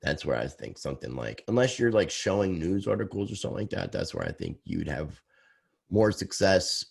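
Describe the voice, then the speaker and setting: Sarcastic, gravelly low-voiced man. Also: big pitch swings, brisk. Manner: sarcastic, teasing. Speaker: podcast guest. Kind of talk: casual chat.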